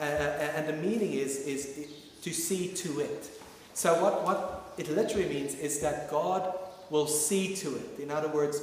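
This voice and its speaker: Male preacher, slightly high voice, emphatic and repetitive, booming hall reverb. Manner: emphatic, repeats phrases, many restarts. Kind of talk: sermon. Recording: echoey hall with faint noise.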